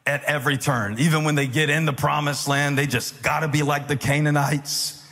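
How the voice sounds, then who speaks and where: A man preaching with a husky, slightly breathy voice that rings through a big echoing hall. He tells his stories with jokes and easy banter, then climbs into loud, emphatic preaching. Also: on the high side, moderate pace. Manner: animated, joking, rising to loud emphatic preaching. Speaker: pastor. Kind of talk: humorous storytelling sermon. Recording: echoey hall reverb.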